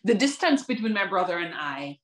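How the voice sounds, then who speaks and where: A Jamaican poet performs her own spoken word with rhythmic, emphatic delivery and dramatic pauses, stopping now and then for chatty asides to an unseen online audience. Her voice is mid-range and sing-song.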